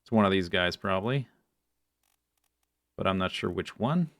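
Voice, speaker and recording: A man's voice: sits low, animated, normal speed, a bit bright, dry recording, clean studio sound. A man streaming a puzzle game, thinking aloud and muttering to himself in casual commentary. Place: home streaming setup.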